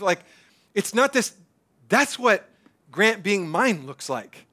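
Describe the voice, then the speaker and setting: Middle-aged guy pastor, high bright voice, chatty sermon w lots of ums, gets real quiet sometimes. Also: measured pace. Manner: animated, conversational, frequent fillers and restarts; drops to a soft hush for emphasis.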